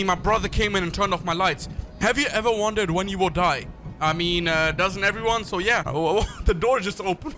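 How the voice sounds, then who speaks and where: A man doing excitable, joking let's-play commentary on a horror game from his bedroom gaming setup. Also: very high-pitched, a little hiss or hum. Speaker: gaming YouTuber.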